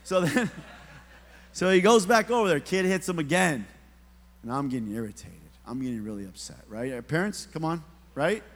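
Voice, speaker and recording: Pastor preaching in a reverberant church. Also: male voice, fairly high pitch, animated, moderate pace, fairly bright tone. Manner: casual storytelling preaching with humor, talks to the congregation. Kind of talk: sermon. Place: church sanctuary. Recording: long hall reverb.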